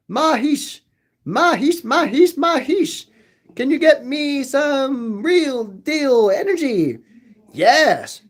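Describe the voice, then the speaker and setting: A man hosting a livestream, rambling to his chat, repeating phrases again and again in a sing-song way. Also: very high-pitched. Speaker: livestream host reading chat. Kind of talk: rambling live chat with viewers.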